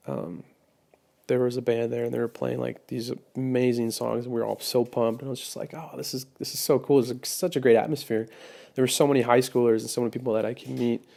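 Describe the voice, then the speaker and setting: A young man sharing a personal testimony, hesitant, with many pauses and restarts. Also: medium pitch, gravelly, dark tone. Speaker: testimony speaker.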